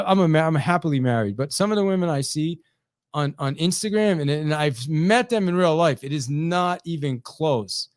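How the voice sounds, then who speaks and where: A middle-aged male sales trainer speaks with a fairly high, lively voice. He talks animatedly, restarts and repeats words, and keeps checking in with his listeners. The sound is dry and close, with no room echo. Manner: animated, repeats words, chatty asides with "right?". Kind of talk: energetic talk to camera.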